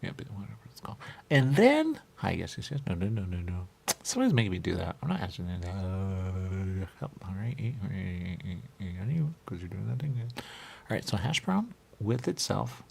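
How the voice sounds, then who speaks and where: A man's voice: deep voice, sing-song, a little fast, vocal fry, darkish tone, breathy edge. A man hosting a talk show, rambling playfully with sing-song repetitions and riffs. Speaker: radio show host.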